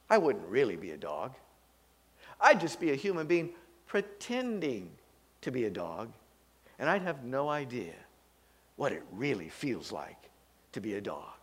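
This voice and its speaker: A male pastor preaching a sermon in an animated way, with a story-telling swing. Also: medium pitch, slightly rough.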